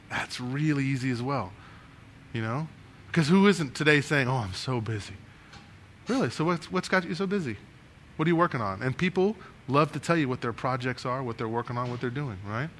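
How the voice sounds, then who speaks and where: A man leading a networking workshop before a live room, animated and restless, often asking the audience questions and moving as he talks. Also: mid-range voice, slight background noise. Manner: animated, talks with his hands and moves around; asks the room many questions. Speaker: speaker giving a networking workshop.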